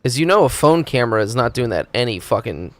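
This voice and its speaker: A man's voice: medium pitch, sing-song, quick pace, a little hiss or hum. Profane laid-back male streamer. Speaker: streamer host. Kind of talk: casual live-stream chat.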